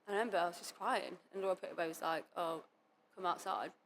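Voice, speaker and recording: A young adult woman speaking as a podcast guest, telling her story candidly in quick run-on sentences full of "like". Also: fairly low pitch, steady tone, a bit bright, slight background noise. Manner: fast, run-on speech full of "like" and quoted self-talk. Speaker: podcast guest, competitive cheerleader. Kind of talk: candid interview talk.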